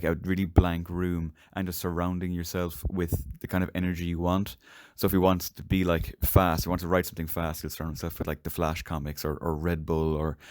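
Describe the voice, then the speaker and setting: Deep-voiced fast-talking man, casual podcast host. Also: dry recording, studio quality. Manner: relaxed storyteller, explains ideas at length. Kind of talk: casual chat.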